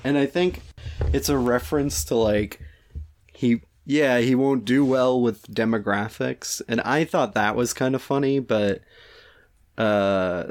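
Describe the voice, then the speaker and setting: A man's voice: medium pitch, steady tone, measured pace. Male co-host, casual, dry and wry in his reactions. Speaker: podcast co-host. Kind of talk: casual chat.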